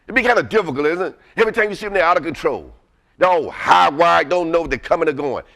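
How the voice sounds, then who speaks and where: A man's voice: a little high, animated, fast, vocal fry, bright, forceful tone. A man giving an interactive motivational lecture, energetically quizzing the audience with fill-in questions. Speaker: workshop presenter.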